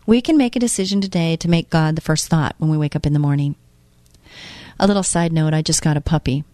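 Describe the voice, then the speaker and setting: Chatty woman host, low and dry. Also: fast, dark tone, dry recording. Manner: asks the listener many questions; chatty, tells personal stories. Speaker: radio show host. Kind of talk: casual faith talk monologue.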